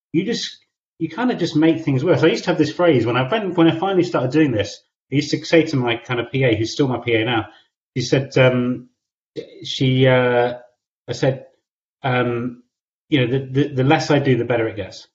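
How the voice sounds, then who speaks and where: A man being interviewed as a business founder, answering in a halting way with many fillers. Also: medium pitch, expressive. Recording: dull lo-fi sound.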